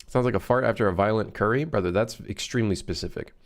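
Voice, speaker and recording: A man streaming his game development work, chatting casually and reacting excitedly, joking and swearing as he works. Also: on the low side, fast talker. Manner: excitable, swears and jokes while working. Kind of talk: casual live-stream commentary.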